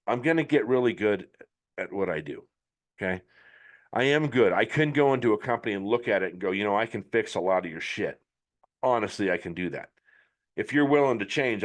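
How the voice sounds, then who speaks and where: Blunt low-voiced man on a podcast. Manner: blunt, profane, emphatic. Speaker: podcast host. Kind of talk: motivational monologue.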